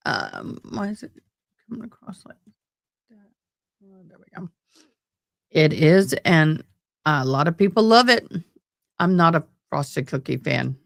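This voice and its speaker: Woman host, chatty live commentary, low-ish voice with big swings, unhurried, dry close sound. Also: animated, gravelly, no room sound. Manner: chatty, bantering with viewers. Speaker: livestream host commenting on a trial.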